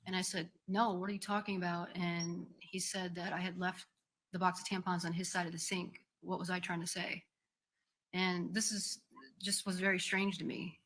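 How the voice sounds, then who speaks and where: A woman in her forties testifying in a courtroom, speaking haltingly with many pauses and ums. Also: fairly low pitch, little pitch movement, fairly bright tone. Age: 40s. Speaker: defendant testifying.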